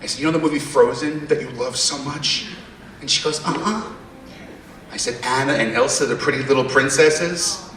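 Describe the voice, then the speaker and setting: A man's voice: medium pitch, fairly quick, fairly bright tone, slight background noise. Brash stand-up man in an echoey theater. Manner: brash, teasing the crowd with asides. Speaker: stand-up comedian. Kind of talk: stand-up routine. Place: theater stage with a live audience. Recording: echoey theater from far off, audience laughter.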